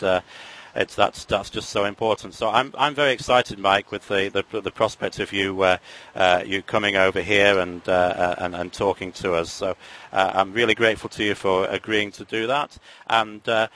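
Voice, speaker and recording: A man's voice: lowish voice, fairly bright tone, poor audio. Hesitant English man hosting a podcast. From England. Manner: hesitant, many fillers and restarts. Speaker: podcast host. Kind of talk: casual interview chat.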